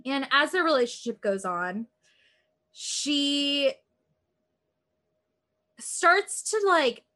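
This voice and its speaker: A woman with a high, sing-song voice speaks extremely slowly, her tone bright and forceful. She's co-hosting a podcast in a casual, rambling way, retelling a true-crime episode with lots of "like" and acted-out quotes.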